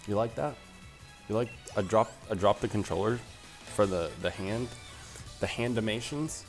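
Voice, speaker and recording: A man's voice: lowish voice, moderate pace, soft background music. A man commentating his gameplay in a playful, joking way. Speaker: let's play host.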